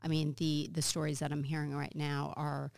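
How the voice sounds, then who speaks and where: A woman's voice: low-pitched, completely flat delivery, normal speed, gravelly, darkish tone, dry recording, clean studio sound. A woman, a confidence mentor, answering interview questions in an upbeat, encouraging way. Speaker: guest expert, confidence mentor.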